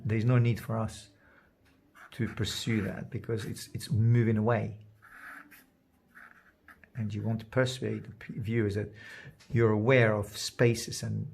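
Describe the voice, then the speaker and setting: A man giving a drawing lesson, thinking aloud as he works and trailing off into soft murmurs. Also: lowish voice, level tone, measured pace, creaky, breathy edge. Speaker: art teacher. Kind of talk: drawing demonstration.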